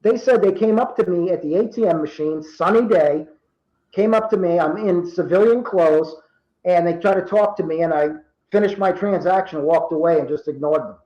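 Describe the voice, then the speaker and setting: High-voiced man from Rhode Island telling stories. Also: moderate pace, reverberant, lo-fi sound. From Rhode Island, USA. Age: 50s. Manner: animated storyteller acting out quoted dialogue. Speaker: guest. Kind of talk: casual storytelling.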